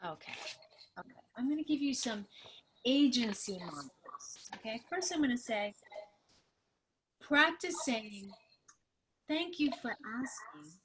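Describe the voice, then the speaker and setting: A middle-aged woman co-hosting a talk, reading questions and affirmations aloud slowly and earnestly. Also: fairly high pitch, expressive, background noise. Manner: earnest, reads slowly with emphasis. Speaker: adoption professional and co-host.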